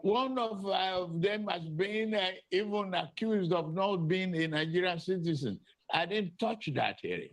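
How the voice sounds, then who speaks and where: A man in his seventies giving a halting public statement, stopping and repeating words as he goes. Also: high-pitched, expressive, low-quality recording. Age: 70s. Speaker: politician in an archive clip. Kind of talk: press statement.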